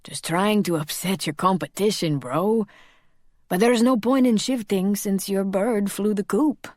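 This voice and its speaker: A woman's voice: medium pitch, a little slow, darkish tone, no room sound, studio quality, close to an everyday voice. A woman voicing a cocky young male shapeshifter who teases his friend in joking, slangy banter.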